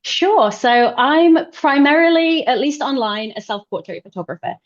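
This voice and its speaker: A British woman in her thirties, a photographer guest chatting on a video call in a relaxed, self-deprecating, giggly way. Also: high-pitched, normal speed, dull audio. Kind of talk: casual interview chat.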